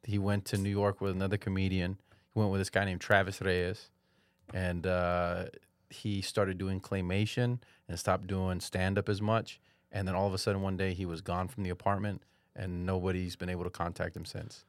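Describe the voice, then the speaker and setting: A man with a fairly low voice talks in a laid-back, wry way during a casual podcast chat. The sound is close and dry. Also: level tone, normal speed, dry recording. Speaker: podcast co-host.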